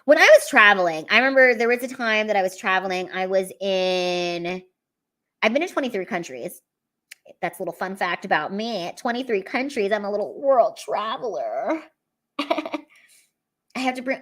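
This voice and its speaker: An American woman comedian chatting casually on a livestream, reading viewer comments aloud. She is excitable, laughs often, swears freely, and drops sentences halfway to start them again. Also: fairly high pitch, moderate pace. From United States. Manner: trails off and restarts sentences mid-thought. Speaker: stand-up comedian.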